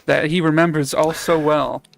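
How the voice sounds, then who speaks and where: A man's voice: a little high, fairly even intonation, moderate pace, gravelly. A man streaming a board game, improvising a story in a playful, giggly way.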